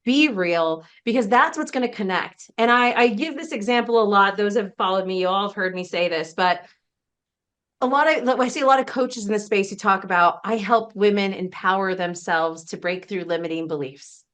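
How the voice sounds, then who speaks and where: A woman's voice: medium pitch, fairly quick, fairly bright tone, clear, resonant tone. A woman business coach presenting a casual webinar, chatty and emphatic, often laughing between points.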